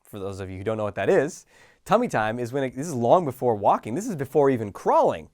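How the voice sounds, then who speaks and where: Middle-aged male coach, casual and animated, lively pitch, dry close sound. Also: quick pace, dry recording. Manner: casual and animated, acting out little scenes with sighs and laughs. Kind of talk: motivational talk to camera.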